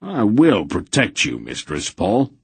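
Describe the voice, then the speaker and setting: A man's voice: low voice, normal speed, breathy edge, dry recording. A man voicing a plain, loyal village smith who speaks bluntly and earnestly. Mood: stubborn.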